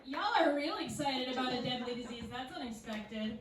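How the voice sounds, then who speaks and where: A young woman working a small comedy club crowd, her voice high and bouncing all over the place as she laughs through her own jokes. She is picked up from across an echoey room, with a steady wash of noise underneath. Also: normal speed, recorded from a distance. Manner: self-deprecating, chuckles through punchlines. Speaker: stand-up comedian. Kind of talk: live stand-up set. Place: small comedy club theater, live audience.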